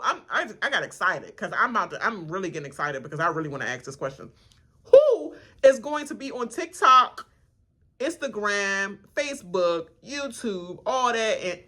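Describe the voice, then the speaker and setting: Woman reaction vlogger, ranting in a bright, lively voice and slipping into mocking impressions. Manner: animated, laughing, acts out cast members in high mocking voices. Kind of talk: casual reaction rant.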